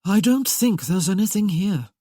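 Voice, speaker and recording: A woman voicing a brooding, earnest young nobleman with a low, intense delivery. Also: expressive, normal speed, mellow, husky, no echo, studio quality.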